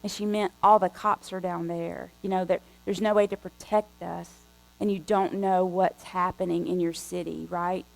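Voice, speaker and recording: Gravelly-voiced woman preacher telling a story. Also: fairly low pitch, moderate pace, faint music behind, low-quality recording. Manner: conversational, animated storytelling with frequent restarts. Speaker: guest preacher. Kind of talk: storytelling sermon. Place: church sanctuary.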